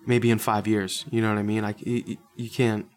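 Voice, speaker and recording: A man's voice: fairly low pitch, little pitch movement, a little fast. A man hosting a podcast in casual chat, crude, joking and offhand. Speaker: podcast host.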